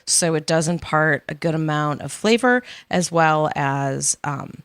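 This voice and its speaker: A woman's voice: deep voice, unhurried, smooth, no room sound. Candid, chatty woman guest. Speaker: guest, ice cream maker. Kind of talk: casual chat. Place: podcast studio.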